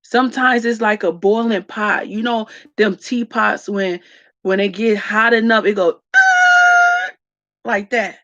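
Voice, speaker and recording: A woman speaking slowly and reflectively to her viewers, tearful. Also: mid-range voice, steady tone, fairly bright tone, dry recording, highs cut off. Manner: slow, reflective, addresses viewers as y'all. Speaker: vlogger. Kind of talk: emotional personal talk to viewers.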